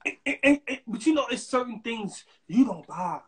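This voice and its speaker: Bright, husky, playful show host. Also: medium pitch, expressive, moderate pace. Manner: playful, teasing, laughs often. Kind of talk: casual interview chat.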